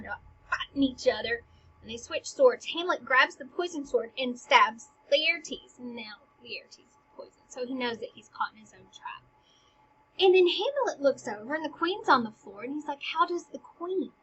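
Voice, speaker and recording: Chatty high-voiced woman retelling a play. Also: animated, normal speed, lo-fi sound, a little hiss or hum. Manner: chatty, laughing, full of "like".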